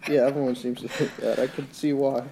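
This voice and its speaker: A man's voice: medium pitch, fairly even intonation, brisk, gravelly, noisy background. A man co-hosting a casual podcast chat, giving short, matter-of-fact replies. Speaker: podcast co-host.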